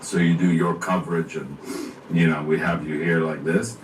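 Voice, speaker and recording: Animated man recorded from far off in an echoey room. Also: a bass voice, normal speed, a little hiss or hum. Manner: animated, laughs often, acts out lines. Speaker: actor guest. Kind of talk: casual interview chat.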